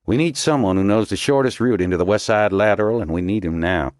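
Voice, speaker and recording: A man's voice: fairly low pitch, quick pace, a little mellow, no echo, clean studio sound, voice pushed up, lightly acted. A man doing a barking Texan SEAL commander. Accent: Texas. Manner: brusque, barking, crude. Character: hulking gruff male Navy SEAL commander.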